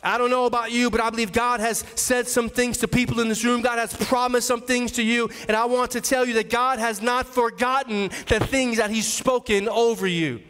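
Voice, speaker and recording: Male pastor, high voice, repetitive rising sermon delivery, long church-hall echo. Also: flat delivery, normal speed, hardly any pauses, fairly bright tone, smooth. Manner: preaching with repeated rising declarations. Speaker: associate pastor. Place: large church sanctuary.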